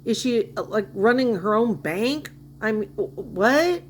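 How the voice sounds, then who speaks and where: Woman commentator, mocking, incredulous, high-ish voice. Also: animated, measured pace, a little hiss or hum. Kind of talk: sarcastic reaction commentary.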